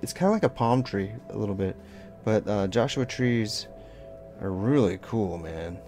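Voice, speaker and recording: A man's voice: lowish voice, expressive, moderate pace, warm tone, faint music behind. A man leading a casual draw-along lesson, talking loosely with lots of "like" and little sound effects as he draws. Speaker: art teacher.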